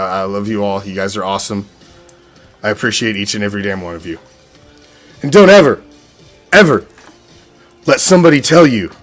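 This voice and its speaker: A man's voice: mid-range voice, fairly bright tone. A man hosting a fan show, ranting in a heated, profane, repetitive way. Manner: profane, heated, repeats himself. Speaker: podcast host, sports fan. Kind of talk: unscripted fan rant.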